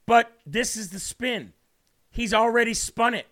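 A man's voice: very high-pitched, sharp tone. A man hosting a live show, leading a prayer and then giving combative, emphatic political commentary. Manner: combative, emphatic, drawn-out delivery. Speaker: host.

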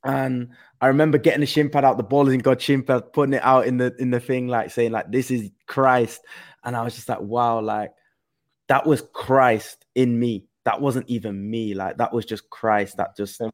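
A man in a casual podcast chat, telling a story in an earnest way and often dropping soft. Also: medium pitch, fairly even intonation, normal speed.

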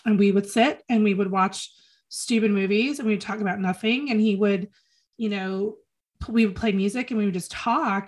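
Woman guest, earnest and halting, repeats herself for weight; heartfelt personal recollection. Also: medium pitch, steady tone. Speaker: podcast guest. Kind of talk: emotional personal reminiscence.

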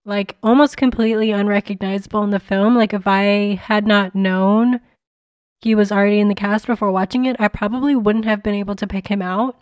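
A woman talks through a casual film review in a blunt, chatty way, packing her sentences with filler words. Her voice is smooth and resonant, and the recording is dry and close with no room sound. She sits at a middling pitch for a woman. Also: fairly even intonation, a little fast, no echo, highs cut off. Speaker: movie reviewer.

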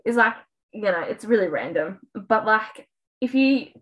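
A woman co-hosting a podcast, telling a point in animated casual chat with fillers. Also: mid-range voice, unhurried, lo-fi sound. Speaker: podcast co-host.

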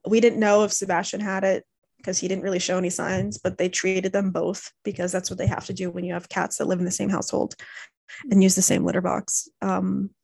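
A woman's voice: mid-range voice, vocal fry, dry recording. A young woman in casual chat, telling a family story with many fillers and acting out what her relatives said. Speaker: podcast co-host.

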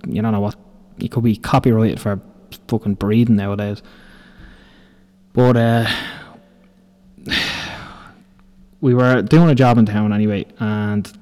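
A young Irish man in his twenties hosts a podcast, his fairly low, warm voice carrying rambling, profane stories from building sites that he laughs his way through. It's casual storytelling.

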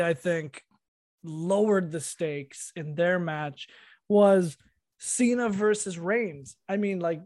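A man's voice: high voice, a little mellow. A man co-hosting a podcast, rambling and swearing through casual chat, laughing often. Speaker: podcast co-host.

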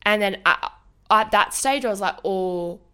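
A woman's voice: medium pitch, unhurried, pushed and bright, smooth. A young woman, a podcast co-host telling a story in casual chat, rambling and swearing a lot.

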